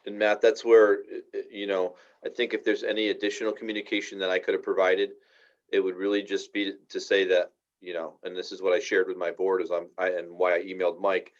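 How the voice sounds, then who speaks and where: Very deep, flat-voiced man at a meeting. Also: a little fast. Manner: explains procedure at length, with fillers. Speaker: school official presenting to a town board. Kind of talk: public meeting discussion. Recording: dull lo-fi meeting audio.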